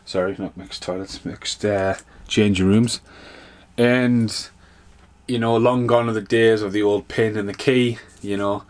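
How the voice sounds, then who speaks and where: A man's voice: fairly low pitch, measured pace. A man hosting a podcast, rambling through a casual, sweary solo rant. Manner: rambling, sweary, animated storytelling. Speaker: podcast host.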